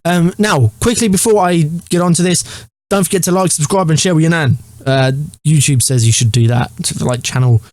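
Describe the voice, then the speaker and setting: A young English man in his twenties chats to camera about his own life, wandering from joke to joke and swearing freely. His voice sits a little on the high side. The sound is dry and close. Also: a little fast, darkish tone, no room sound. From England. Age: 20s. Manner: crude, swearing constantly, rambling and joking. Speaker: gaming YouTuber. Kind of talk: casual storytelling to camera.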